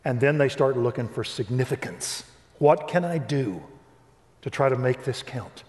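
An older man who tells his faith story in an animated preaching style, acting out the dialogue. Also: mid-range voice, normal speed. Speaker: Christian speaker. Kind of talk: preaching testimony. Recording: reverberant hall.

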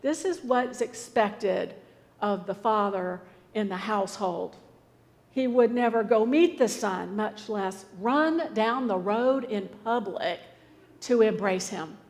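A woman's voice: mid-range voice, slow pace, darkish tone. A woman preaching a sermon, telling a story in an earnest, pleading way. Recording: reverberant church hall.

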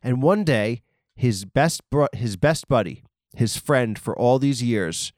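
Rambling comedian man, lively pitch. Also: slow pace, no room sound, clean studio sound. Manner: digressive, rambling, mock arguments with himself; bursts into loud high sung shouts.

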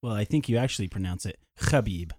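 A man from the US East Coast, co-hosting a podcast with dry, quick comebacks. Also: fairly low pitch, darkish tone, dry recording. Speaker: podcast co-host. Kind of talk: casual banter.

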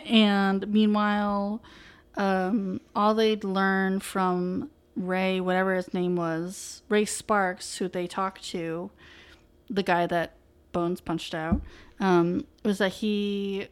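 Woman, casual co-host, sarcastic, animated, swears, mid-range voice. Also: medium pitch, drawn-out words, clean tone. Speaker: podcast co-host recapping a TV show. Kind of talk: casual chat.

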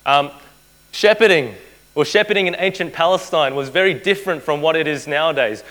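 A man's voice: fairly high pitch, brisk, a bit bright, low-quality recording. A man preaching a sermon to a live audience, earnest, repeating key phrases and putting rhetorical questions to his listeners.

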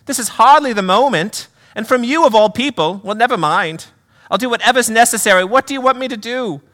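A man voicing a petulant grieving mother's ghost in a put-on British accent, high and indignant. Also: animated, brisk, sharp tone, full character voice. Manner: high-pitched, indignant, demanding.

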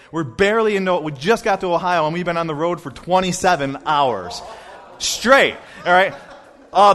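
A man speaking at a retreat, telling a story in an animated way that breaks into shouts and laughter. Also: high-pitched. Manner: excitable, bursts into shouts and laughter.

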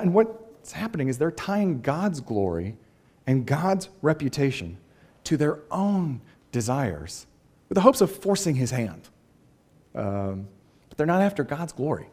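A male pastor with a drawl delivers a sermon in an easy, talky manner. His voice jumps up for emphasis, then drops low for wry asides. He clears his throat from time to time. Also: big pitch swings, measured pace, darkish tone.

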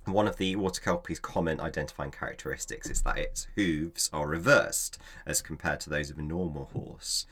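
A man's voice: rumbling low, normal speed, hardly any pauses, fairly bright tone, breathy edge. A man co-hosting a casual podcast, chatting and reading folklore notes aloud with frequent laughs. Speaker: podcast co-host.

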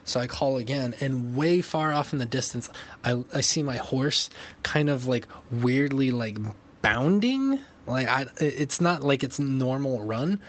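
A man recording a casual voice message, telling a story in a profane, animated way. His pitch sits in the ordinary middle range for a man. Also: measured pace. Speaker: podcast host.

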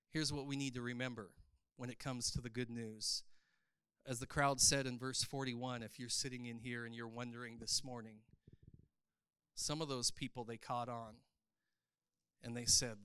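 A man preaching an animated sermon in a church service, building to loud, emphatic passages. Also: mid-range voice, normal speed, pauses often, clean tone, no room sound, clean studio sound. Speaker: pastor.

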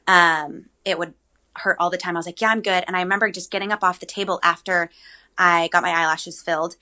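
A woman's voice: lowish voice, fairly quick. A young adult woman telling her birth story in a casual chat, full of "like" and "um". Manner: chatty, animated storytelling with many "like"s and "um"s.

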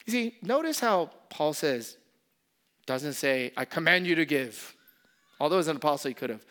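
A man preaching a sermon as pastor, impassioned, repeating key phrases and swinging from loud emphasis to soft, intimate asides. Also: a little high, expressive, moderate pace.

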